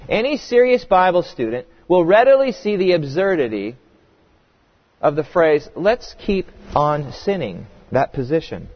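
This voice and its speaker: Emphatic preacher in an echoey hall. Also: male voice, fairly high pitch, dull audio. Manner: expository preaching with emphatic rhetorical questions. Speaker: pastor. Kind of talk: sermon.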